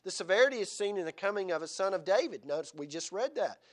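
A man with a high-pitched voice preaches a sermon in a church. He reads scripture aloud and keeps turning to his listeners with rhetorical questions, building up a sense of urgency. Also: expressive, fast. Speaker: pastor.

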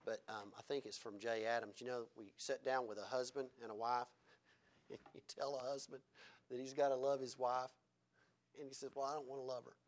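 A man preaching a sermon, swinging between loud exhortation and quiet asides where he chuckles. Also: medium pitch, level tone, normal speed.

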